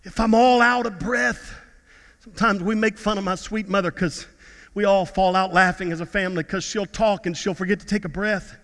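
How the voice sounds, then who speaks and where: A man's voice: sits high, fairly even intonation, normal speed, fairly bright tone, big-room sound. A middle-aged man preaching a fervent sermon as pastor, repeating words and breaking into bits of song.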